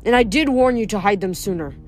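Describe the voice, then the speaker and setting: A woman voicing a calm, sad twelve-year-old oracle girl who does not flinch, in a storybook reading. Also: mid-range voice, quick pace, lightly acted. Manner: calm, unflinching.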